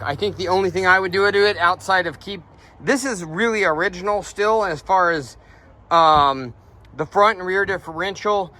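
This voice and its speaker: High, bright-voiced man selling a truck. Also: a little hiss or hum. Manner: rambling, loose, many fillers. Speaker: vehicle seller. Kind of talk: casual walkaround sales video.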